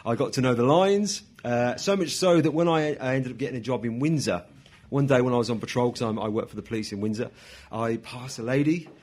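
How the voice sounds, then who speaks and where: A man speaking as guest at a society meeting in a hotel function room, relaxed and chatty. He tells stories in a self-deprecating way, with plenty of ums and quick asides, at a middling pitch. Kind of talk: talk to a live audience.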